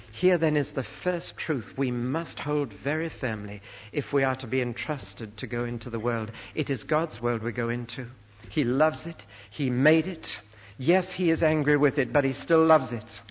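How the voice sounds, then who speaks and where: A man preaching a sermon, earnest and emphatic, slowing down to stress key phrases. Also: medium pitch. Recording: lo-fi recording in a reverberant church.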